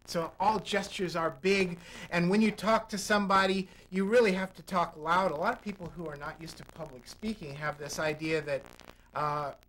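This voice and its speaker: A man's voice: sits high, fairly even intonation, normal speed, fairly bright tone, a little hiss or hum, rough recording. A man speaking as a public speaking coach on a studio talk show, explaining technique and acting out examples. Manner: demonstrative, acts out vocal examples. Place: local TV studio.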